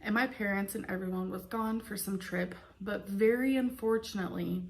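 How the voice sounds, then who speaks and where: A woman's voice: mid-range voice, steady tone, normal speed, darkish tone. A woman YouTuber casually reading out viewer secrets, chatty and giggly. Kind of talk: casual video chat.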